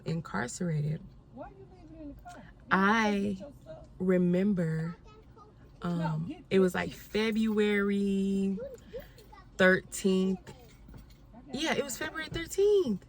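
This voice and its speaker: A woman's voice: medium pitch, very slow, pauses often. A young woman telling a personal story to her viewers in a candid, conversational way, often speaking to them directly as y'all. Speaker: vlogger.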